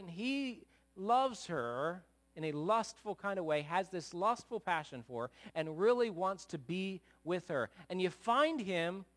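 A man preaching a sermon in a conversational way, with animated, emphatic peaks and frequent asides to the listeners. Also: sits high. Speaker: pastor.

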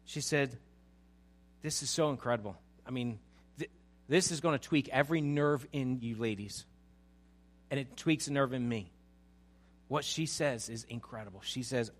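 A man preaching a sermon, addressing his congregation directly and rising into loud, emphatic passages. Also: mid-range voice, normal speed, pauses often. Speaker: pastor.

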